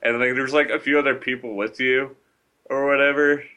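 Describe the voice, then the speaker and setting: Young guy, crude rambling storyteller with a bright voice. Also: mid-range voice, flat delivery, fairly quick. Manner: rambling, many fillers, crude. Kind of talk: casual chat.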